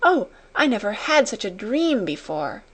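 A woman reading an audiobook, voicing a young girl who talks in breathless, quick exclamations. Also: fairly high pitch, sing-song. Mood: breathless wonder. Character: young girl, wondering and overwhelmed. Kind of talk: audiobook character voice.

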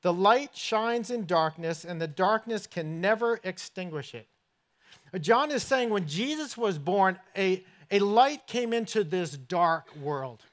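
A man's voice: high-pitched, animated, a little slow, fairly bright tone. A middle-aged man, a pastor, giving a sermon in a church with folksy, self-deprecating stories. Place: church sanctuary.

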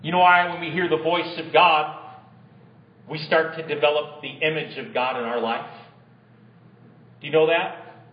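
A man's voice: fairly high pitch, steady tone, moderate pace, long pauses. A man preaching a sermon to his congregation, at times reading a hymn aloud with swelling emphasis. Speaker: pastor. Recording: roomy, slightly dull recording.

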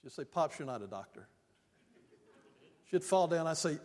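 An older male pastor, his voice high for a man with big pitch swings and a darkish tone, preaches a sermon in a church sanctuary. A long reverb like a large hall's trails each phrase as he tells homely, folksy stories and slows to draw out key lines for emphasis.

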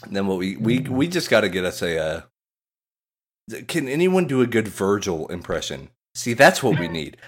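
A man co-hosting a podcast in casual chat, excitable, laughing often and swearing. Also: on the low side, normal speed, slightly rough. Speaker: podcast co-host.

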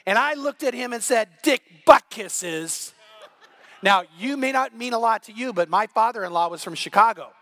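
High-voiced pastor telling a story. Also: male voice, fairly quick, hardly any pauses. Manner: storytelling, animated, rising to near shouting. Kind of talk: sermon.

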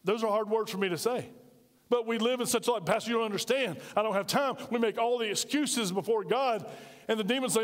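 A man delivers an emphatic sermon, pressing his listeners with one rhetorical question after another. His voice sits high for a man. It rings out with the long reverb of a church hall. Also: brisk. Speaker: pastor.

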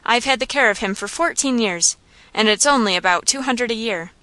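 A woman voicing a rough, insolent male saloon keeper who talks in a coarse, sly, slangy way. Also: a little high, a little fast, pushed and bright, no echo.

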